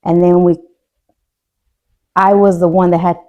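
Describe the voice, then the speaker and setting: A young adult woman co-hosting a podcast, telling a personal grief story in a candid, joking way that turns quiet and tearful. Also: fairly low pitch, flat delivery, unhurried, phone-quality sound. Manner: candid, jokes to cope, voice drops when tearful. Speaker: podcast co-host. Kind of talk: casual emotional storytelling.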